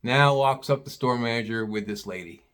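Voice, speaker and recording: A man's voice: mid-range voice, normal speed, a bit bright, smooth. A retired butcher in his sixties telling a rambling, profane story about a customer. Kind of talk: casual storytelling.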